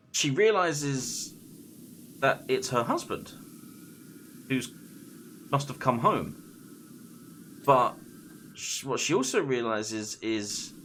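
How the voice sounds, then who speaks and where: A man streaming a game while casually retelling a scary story, halting and full of fillers and restarts. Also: mid-range voice, a bit bright, a little hiss or hum.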